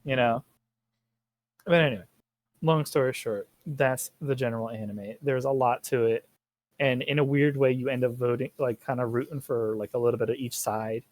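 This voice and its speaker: Here a young man with a mid-range voice and a normal pace hosts a relaxed podcast chat. He meanders, curses freely, and stays animated throughout.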